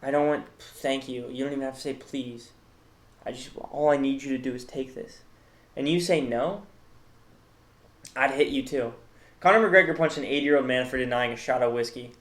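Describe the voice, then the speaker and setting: A male host works through a comedic tier list in a rambling, mock-serious way, often stopping on fillers and restarts. His voice sits at an ordinary middle pitch for a man. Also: a little fast, a bit bright.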